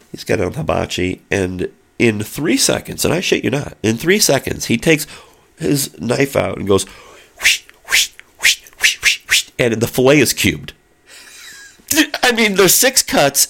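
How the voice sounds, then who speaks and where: A man's voice: on the low side, creaky, a bit bright. A middle-aged man telling a long, rambling story in casual chat, with lots of fillers and spoken sound effects.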